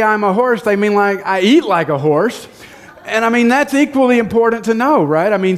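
A middle-aged man preaching a sermon in a church, conversational and jokey with self-deprecating humor. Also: high voice. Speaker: pastor. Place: church sanctuary.

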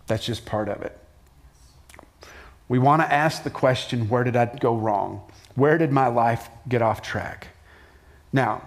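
The speaker is a middle-aged man, a pastor, giving a sermon that feels like conversation; he sinks to a soft, low register for emphasis and springs into acted shouts.

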